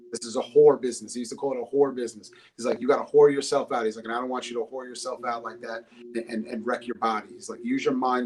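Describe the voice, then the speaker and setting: A man's voice: mid-range voice, husky. A man chatting loosely as a podcast guest, telling stories with lots of swearing, talking into a phone. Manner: loose, profane storytelling. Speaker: podcast guest, rapper and English teacher. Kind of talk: casual podcast chat.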